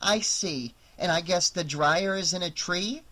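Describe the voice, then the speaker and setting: A man's voice: high voice, a little slow, bright, forceful tone, voice pushed up. A man voicing a wisecracking, sarcastic young woman babysitter in an audiobook, with a raised, lighter voice. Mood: dry sarcastic.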